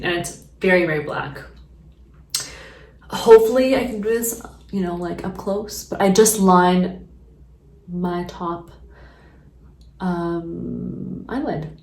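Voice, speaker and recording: A young woman chatting casually through a makeup routine, rambling with lots of fillers. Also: fairly low pitch. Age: young adult. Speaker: beauty vlogger. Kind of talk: casual makeup tutorial chat. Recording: echoey room, mic at a distance.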